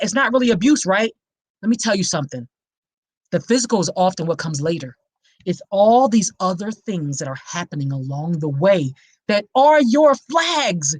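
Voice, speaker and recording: A woman's voice: medium pitch, no room sound. Woman podcast host, emphatic and preachy, talking straight to her audience, dry close sound. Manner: preachy and emphatic, addresses listeners directly. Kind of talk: impassioned awareness talk.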